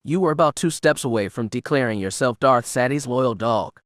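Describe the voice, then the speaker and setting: Sharp young sith woman, guy reading her lines, cutting and blunt, dry close sound. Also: mid-range voice, animated, normal speed, dry recording, close to an everyday voice. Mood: scornful.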